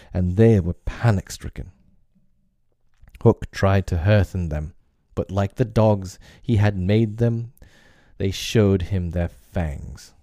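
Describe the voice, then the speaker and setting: A man reading a storybook aloud as narrator, measured and unhurried. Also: low-pitched, mellow, dry recording, studio quality. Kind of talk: audiobook narration.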